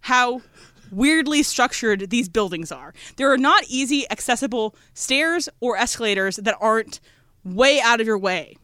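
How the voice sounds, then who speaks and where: Bright-voiced radio host. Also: medium pitch, animated, moderate pace, clean tone, no room sound, studio quality. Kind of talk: casual radio chat. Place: radio studio. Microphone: studio mic.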